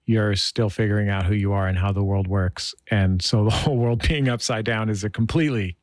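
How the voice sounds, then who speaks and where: A man's voice: on the low side, a little fast, darkish tone, dry recording, clean studio sound. A man hosting an interview show, chatty and thinking aloud, often asking if you know what he means. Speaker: radio interview host.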